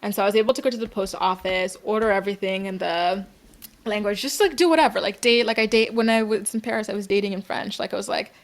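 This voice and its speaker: A woman's voice: medium pitch, quick pace. A young woman from Canada hosting a casual livestream, chatting upbeat with viewers and peppering her talk with "like" and "girl". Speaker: livestream host. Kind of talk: casual chat reading viewer comments.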